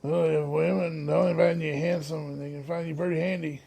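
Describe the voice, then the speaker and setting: An easygoing handyman host from a TV show, middle-aged and folksy, drawling along with plenty of "all right" and "yeah" fillers, as a man puts him on. The voice sits a little high and has a gravelly crackle to it. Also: level tone, normal speed, mellow.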